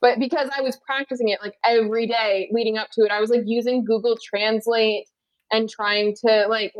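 A woman, an actor guest in a casual interview, talking in a chatty way with restarts and quick laughs. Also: fairly high pitch, steady tone, no echo, highs cut off. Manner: chatty, many restarts and likes, laughs easily.

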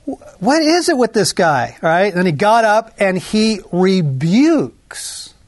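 A man's voice: high voice, very animated, no echo. Conversational male preacher, dry close sound. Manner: conversational, lots of asides and tag questions; shifts between slow emphasis and quick runs. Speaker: pastor. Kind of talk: sermon.

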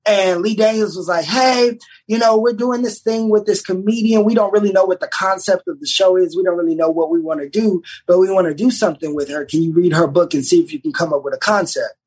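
A young man, a writer, chatting casually on a podcast and telling an animated story full of restarts. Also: high voice, brisk, few pauses, slightly rough, poor audio. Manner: animated storyteller, many restarts, does voices in quotes. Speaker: writer and showrunner guest.

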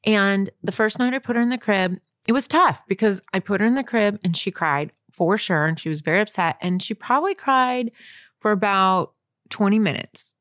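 A woman's voice: mid-range voice, normal speed, a bit bright, dry recording, studio quality. A young adult woman co-hosting a casual talk show, telling a long story in a chatty way, full of "like" and asides to listeners. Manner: chatty storyteller, lots of "like" and "you guys". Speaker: podcast co-host. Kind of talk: casual chat.

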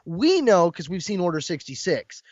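A man's voice: sits high, big pitch swings, normal speed, a little mellow, no echo. A man in casual chat, retelling a comic scene with emotion and acting out lines. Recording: dull lo-fi dry sound.

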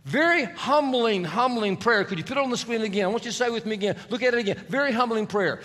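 A male pastor preaching a sermon in a relaxed, conversational way, leading the congregation in prayer. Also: extremely high pitch, quick pace, big-room sound. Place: large church sanctuary.

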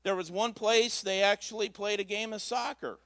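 High-pitched guy preaching in a church, folksy and chatty, dry sound. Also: fairly even intonation, moderate pace, fairly bright tone, no echo. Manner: conversational storytelling, folksy asides. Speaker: pastor. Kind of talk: sermon.

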